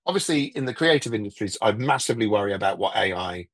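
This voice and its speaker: A man's voice: on the low side, animated, fast talker, fairly bright tone. A man talking as a guest in a casual conversation, rambling wryly and often stopping mid-thought to restart. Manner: rambling, self-interrupting, wry, breaks into mock voices. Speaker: guest, TV writer.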